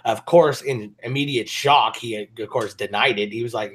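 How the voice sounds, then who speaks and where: A man's voice: mid-range voice, moderate pace, a bit bright, breathy edge. A man hosting a casual show, telling loose, profane stories and laughing often. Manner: swearing, laughing storyteller. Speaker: show host. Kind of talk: casual chat.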